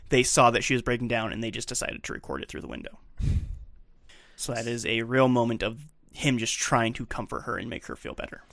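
A man co-hosting a podcast, recapping film scenes in detail in casual talk and often dropping to a quieter voice. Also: mid-range voice, fairly quick, vocal fry, no echo. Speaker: podcast co-host.

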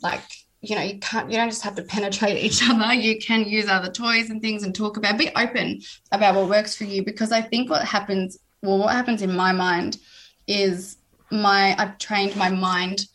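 A woman's voice: medium pitch, level tone, normal speed, a bit bright. A woman, a guest speaking earnestly and openly in a candid personal conversation, often restarting her sentences. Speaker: interview guest.

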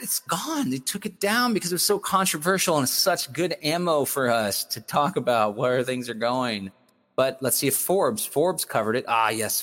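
A man streaming casual commentary while browsing, emphatic and animated, full of exclamations. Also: medium pitch. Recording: long reverb, echoey room.

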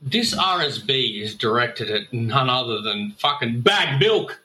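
A man's voice: mid-range voice, sing-song, measured pace, pushed and bright, poor audio. Profane rambling Australian man. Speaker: podcast guest. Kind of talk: casual podcast chat.

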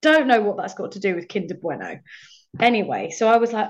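A woman's voice: medium pitch, sing-song, fast talker. A young woman actor telling stories in a casual conversation, laughing often and acting out her own past remarks. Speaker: actor, podcast guest. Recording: slightly muffled, lo-fi audio.

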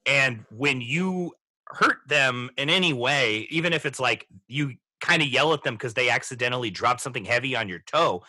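Bright-voiced, reflective man in his 30s. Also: medium pitch, lively intonation, no room sound. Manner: reflective, halting with frequent restarts. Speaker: podcast host. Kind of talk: casual movie discussion.

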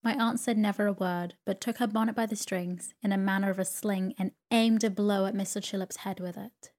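Calm woman reading a sleep story. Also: mid-range voice, a little fast. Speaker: narrator.

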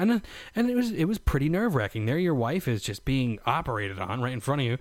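A man's voice: mid-range voice, sing-song, quick pace, dry recording. A young man telling a rambling, profane story about becoming a father, full of "like" and "you know.". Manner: rambling, profane, lots of fillers. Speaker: new father telling his birth story. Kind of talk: casual storytelling vlog.

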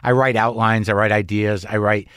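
A middle-aged man in casual conversation, blunt and swearing freely, with halting restarts. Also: fairly low pitch, little pitch movement, a bit bright, smooth, no echo, clean studio sound. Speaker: comedian and podcast host.

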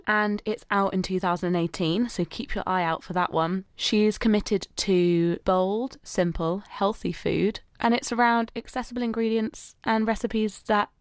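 A woman hosting a podcast, chatty and self-deprecating, a little tired and croaky. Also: medium pitch, no room sound, clean studio sound. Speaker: podcast host. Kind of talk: casual podcast chat. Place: guest's home.

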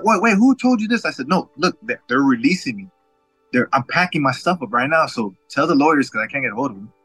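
Fast, bright-voiced man telling his story. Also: mid-range voice, no echo, poor audio. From Washington State, USA. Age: 40s. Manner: animated, acts out others' quoted lines, frequent stammered restarts. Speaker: guest. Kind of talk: personal storytelling.

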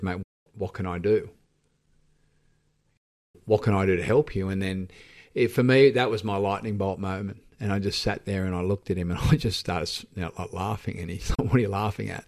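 Deep-voiced Australian man, candid and halting. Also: a little mellow. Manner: reflective, halting, with frequent restarts. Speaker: podcast guest. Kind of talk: candid personal storytelling.

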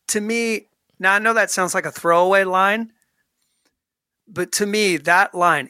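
Man, sports podcast co-host, bright forceful voice, slightly high, dry close mic. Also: a little slow, pauses often, no room sound. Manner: animated, ranting, frequent restarts. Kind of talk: casual sports talk.

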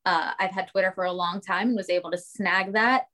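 Woman chatting as a podcast guest, mid pitch, lots of likes, giggly. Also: steady tone, fairly quick, pushed and bright. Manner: chatty, lots of "like", laughs often. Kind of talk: casual chat.

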